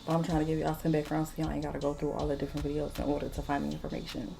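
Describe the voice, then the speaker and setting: Woman, late twenties, casual storytime vlog, blunt and cursing, somewhat low pitch, warm mellow tone. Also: racing, gravelly. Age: late 20s. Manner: blunt, profane, animated storytelling. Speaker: vlogger. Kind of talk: casual storytime while doing makeup.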